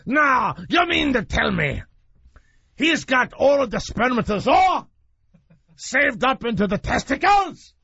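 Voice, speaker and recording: A man voicing an excitable male records official on the phone, with an Irish accent and shouting, drawn-out exclamations. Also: extremely high pitch, vocal fry, slightly rough, no room sound, voice pushed up, full character voice. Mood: astonished shouting. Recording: muffled radio broadcast.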